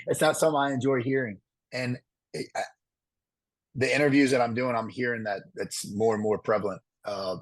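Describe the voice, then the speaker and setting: A man answers interview questions at a quick clip. His voice is husky, and he rambles, doubling back and restarting his sentences. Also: on the low side, rough recording. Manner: fast, rambling, with many restarts and fillers. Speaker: reality competition contestant. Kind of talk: casual interview.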